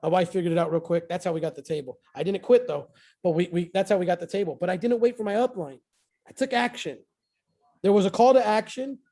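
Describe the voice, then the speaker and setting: Sitting high in pitch and talking fast, this man shares a win with his team in an informal motivational talk. He's excitable and keeps repeating phrases for emphasis.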